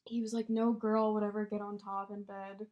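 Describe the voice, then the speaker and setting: A woman co-hosting a casual podcast chat, telling an animated breakup story and swearing freely. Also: medium pitch, moderate pace, highs cut off. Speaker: podcast co-host.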